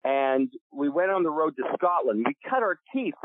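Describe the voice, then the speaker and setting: A middle-aged man from Canada telling stories as a podcast guest, animated and casual, restarting sentences and swearing freely. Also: a little high, normal speed, background noise. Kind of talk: storytelling interview. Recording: dry, tinny phone-like sound.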